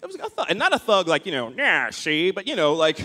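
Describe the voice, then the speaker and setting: Animated, self-mocking stand-up comedian man. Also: sits high, fast. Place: comedy club stage. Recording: noisy comedy club with crowd.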